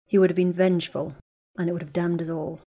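A woman's voice: lowish voice, flat delivery, fast talker, dark tone, lightly acted. A woman reading the lines of a guarded, bitter young wizard man in a storybook, speaking in terse, clipped lines.

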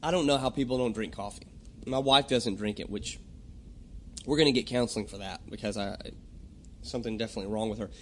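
A young adult man hosting a podcast, talking in a rambling, jokey monologue and often clearing his throat. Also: on the low side, fast talker, long pauses, fairly bright tone, slight background noise. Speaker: podcast host. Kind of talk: casual comedic monologue.

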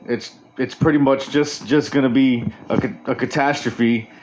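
A man's voice: mid-range voice, fairly even intonation, normal speed, background noise. A man hosting a show in a casual, rambling monologue, swearing constantly and restarting his sentences. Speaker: radio show host. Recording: dull lo-fi recording.

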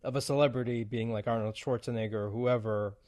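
A man's voice: medium pitch, fairly even intonation, brisk, a little mellow. Man hosting a casual chat. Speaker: podcast host.

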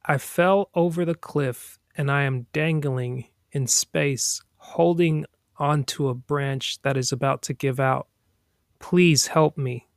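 A man's voice: mid-range voice, slow pace, no echo, studio quality. Man doing a terrified tourist clinging to a cliff. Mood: desperate. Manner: pleading, desperate.

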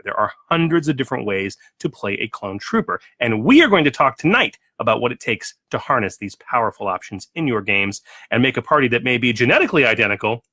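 With a mid-range voice and no echo, a male co-host of a tabletop gaming podcast reads a dramatic scripted intro and then slips into casual chat. His delivery is lively and theatrical, and he restarts himself often.

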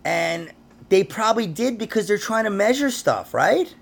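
A man's voice: sits high, animated, normal speed, gravelly. A man hosting a conspiracy podcast, chatting casually in a rambling way and laughing often. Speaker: podcast host.

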